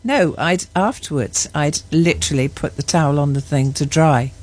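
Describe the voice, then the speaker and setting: Woman, radio co-presenter, breathy, giggly, teasing, mock-indignant. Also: low voice, moderate pace, darkish tone. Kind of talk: playful radio banter.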